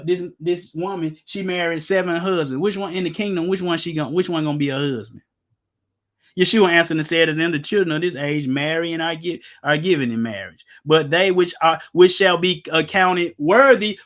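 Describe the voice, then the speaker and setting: A middle-aged male preacher with a notably high voice, teaching scripture in a loose, conversational sermon. He is emphatic, pushes his listeners with rhetorical questions, and drops jokes along the way. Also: moderate pace, fairly bright tone. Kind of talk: informal Bible-teaching sermon.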